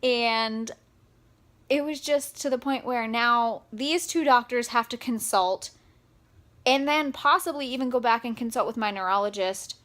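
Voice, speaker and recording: A young woman talking straight to camera in a personal vlog, upset and close to tears, speaking haltingly with many pauses and fillers. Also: a little high, fairly bright tone. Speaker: vlogger.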